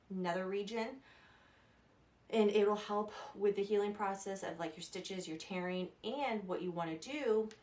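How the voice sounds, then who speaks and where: A woman's voice: medium pitch, darkish tone. A young woman talking through advice in a chatty, rambling way, laughing at herself as she goes. Her voice sits mid-range and carries a noticeable echo, recorded by a camera mic a little way off, with faint noise behind. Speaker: vlogger. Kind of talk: casual advice vlog. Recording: echoey room, a little distant.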